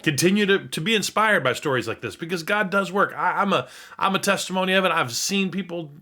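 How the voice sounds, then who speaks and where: A man's voice: high-pitched, lively intonation, a little fast, bright, forceful tone. A man hosting a faith reaction video, speaking in an earnest, heartfelt, rambling way.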